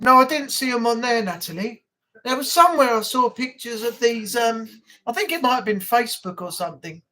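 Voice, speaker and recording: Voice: mid-range voice, a bit bright. A live-stream host from England chatting casually and rambling, reading out viewer comments and ranting a little.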